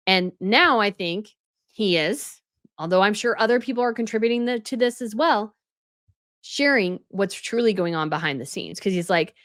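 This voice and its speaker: A woman's voice: mid-range voice, expressive, normal speed, fairly bright tone, no echo, clean studio sound. A woman giving casual news commentary as a channel host, chatty and full of fillers.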